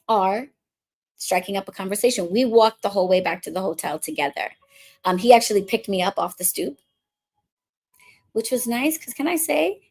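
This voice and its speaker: A woman from the Bronx, a witchcraft coach and podcast host, telling a casual story in a chatty way and acting out what people said. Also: medium pitch. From the Bronx, New York. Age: adult, married since before 2020. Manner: chatty, animated, acts out quoted dialogue.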